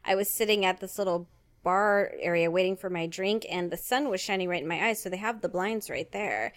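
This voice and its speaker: A woman co-hosting a casual chat with wry, quick reactions and stories of her own. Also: fairly low pitch, no room sound.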